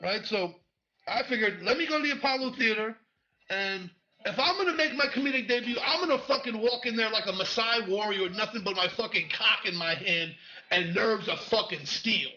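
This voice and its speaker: A man telling a profane, animated story about his stand-up debut, acting out voices in the quotes. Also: high-pitched, a little fast, dull audio. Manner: acts out voices in quoted speech.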